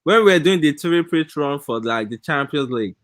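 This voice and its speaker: A man's voice: on the high side, lively intonation, brisk, dry recording, poor audio. Rambling man in a dry room. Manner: rambling, many fillers and restarts. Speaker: football podcast co-host. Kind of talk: casual football chat.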